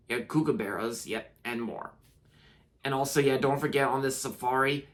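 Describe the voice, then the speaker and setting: A young American man talks through a video review in a loose, off-the-cuff way. His voice sits at an ordinary middle pitch. He keeps stopping and restarting his sentences and fills the gaps with lots of filler words. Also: moderate pace, fairly bright tone. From United States. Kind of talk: casual spoken review.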